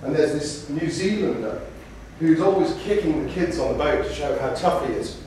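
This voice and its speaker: In a debate lecture to students, a man tells stories and animatedly acts out quotes at a moderate pace. His voice is slightly high, captured from a distance in a roomy lecture room with a little hiss or hum.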